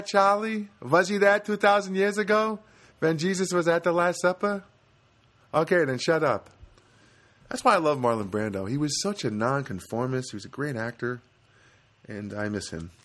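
A man's voice: mid-range voice, a bit bright. A man in his fifties rambling through a wry personal monologue, with lots of fillers and restarts.

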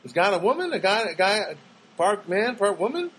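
A man's voice: high-pitched, fairly quick, breathy edge, rough recording. A man telling a rambling comic monologue at home, stammering and restarting as he goes. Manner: rambling, stammering, animated storytelling.

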